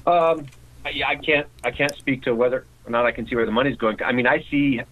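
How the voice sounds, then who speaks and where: A man's voice: medium pitch, fairly even intonation, quick pace, narrow, tinny audio. A man with a mid-range voice answering as a guest in a casual interview. He talks conversationally and often restarts his sentences.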